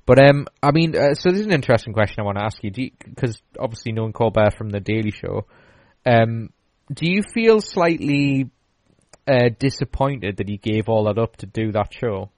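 A man's voice: mid-range voice, lively intonation, moderate pace, a little mellow, no echo. A man in casual chat, telling a long story with many fillers and restarts.

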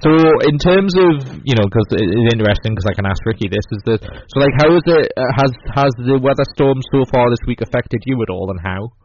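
A man's voice: mid-range voice, animated, brisk, hardly any pauses, darkish tone, dry recording. A man hosting a casual podcast chat, rambling with many fillers and restarts. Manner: rambling, lots of fillers and restarts, acts out quotes. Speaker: podcast host. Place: indoor room in northeast England. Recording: dull lo-fi podcast audio.

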